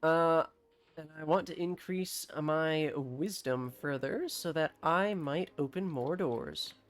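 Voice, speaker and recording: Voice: medium pitch, takes it slowly. A streamer casually commenting on a game and reading its text aloud, now and then swearing. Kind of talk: casual let's-play commentary.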